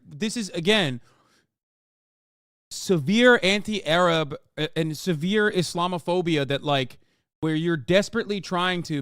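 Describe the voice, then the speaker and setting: Smooth-voiced, heated male streamer. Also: a little high, fairly bright tone, no echo, clean studio sound. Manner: heated, profane, emphatic. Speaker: streamer host. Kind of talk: live reaction commentary.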